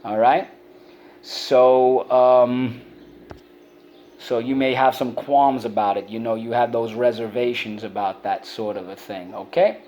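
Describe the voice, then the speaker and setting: A man teaching a spelling and vocabulary lesson for children, sounding out words slowly and prompting listeners to repeat them. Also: medium pitch, steady tone, darkish tone, slight background noise.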